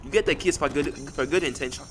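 A man putting on an excitable, stammering mock-African gamer voice as a prank in online game voice chat. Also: quick pace, very noisy, natural voice. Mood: bossy. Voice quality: high, sing-song, stammering repeats.

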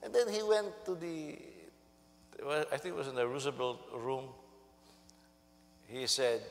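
A male senior pastor preaching a sermon, animated and storytelling, who jumps into high voices to act out quotes. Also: measured pace, long pauses, big-room sound.

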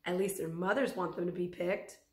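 A woman's voice: fairly low pitch, steady tone, a little fast, a little mellow, reverberant, lightly acted. A woman voicing a friendly, matter-of-fact receptionist who explains things in a storybook read-aloud. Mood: explaining.

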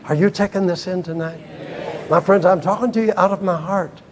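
An older American man preaching a sermon in a church, emphatic, swinging between shouted lines and hushed ones, with a husky voice. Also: high-pitched, steady tone, fairly quick. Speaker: evangelist preacher. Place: church hall.

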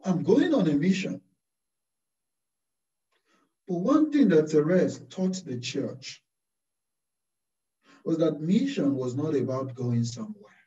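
A man, a Carmelite priest, preaching a slow, deliberate sermon full of rhetorical questions. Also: a little high, mellow. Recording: distant, roomy, dull-sounding recording.

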